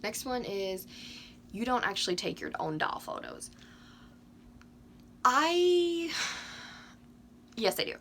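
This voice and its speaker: A woman in her twenties chatting casually to camera with lots of ums, a little hoarse from losing her voice. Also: on the high side, big pitch swings, takes it slowly, pauses often, a bit bright, a little hiss or hum. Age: 20s. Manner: chatty, frequent ums, candid. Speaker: doll collecting YouTuber.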